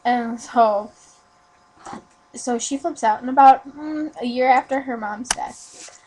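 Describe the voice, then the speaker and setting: Teen girl, rambling webcam ghost story, full of fillers, slightly high voice, faint hum. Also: a little mellow, poor audio. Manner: rambling, filler-heavy ghost story with quick self-corrections. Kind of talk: casual video reply storytelling. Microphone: webcam mic.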